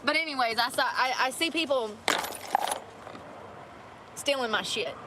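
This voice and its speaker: A woman's voice: high voice, lively intonation, unhurried, heavy background noise. A woman vlogging casually from her car, chatty and blunt, swearing freely. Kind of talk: casual chat while driving.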